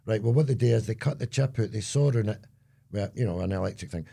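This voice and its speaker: رجل اسكتلندي كبير بصوت أجش خشن. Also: male voice, lowish voice, fast talker, gravelly, mellow. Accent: Scottish. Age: older. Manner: joking, sweary storytelling. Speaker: co-host. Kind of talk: casual podcast chat.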